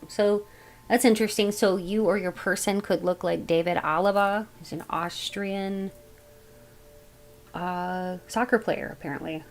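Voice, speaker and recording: A woman giving a casual tarot reading, thinking aloud as she goes in a musing, unhurried way. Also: on the low side, a little hiss or hum, poor audio. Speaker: tarot reader.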